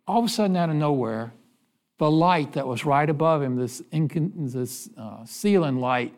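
A man preaching a sermon, telling stories and asking the congregation questions, then dropping low to give the answers. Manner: preaching with call-and-response questions and sudden drops to a low voice. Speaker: pastor.

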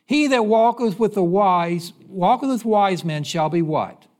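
Pastor guy preaching, high-ish voice that swoops all over, asks the crowd stuff and answers low. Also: lively intonation, measured pace, a little mellow. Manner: preaching with call-and-response questions and sudden drops to a low voice. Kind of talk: sermon.

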